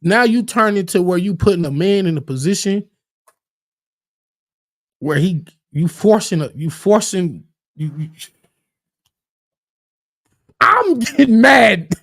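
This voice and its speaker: A man giving casual livestream commentary on battle rap, animated and profane, often restarting his words and acting out quoted arguments. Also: high voice, measured pace, pauses often, no room sound, studio quality. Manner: acts out quoted arguments in a raised voice.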